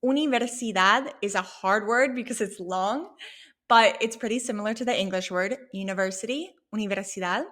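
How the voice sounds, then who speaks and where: A woman teaching a Spanish lesson, explaining a sample dialogue clearly and patiently. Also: mid-range voice, a bit bright. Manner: clear, patient, slow when modeling Spanish phrases.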